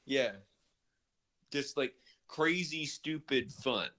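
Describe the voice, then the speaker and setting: A man co-hosting a casual music podcast, chatty and animated, often restarting and correcting himself. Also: mid-range voice, slow. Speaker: podcast co-host.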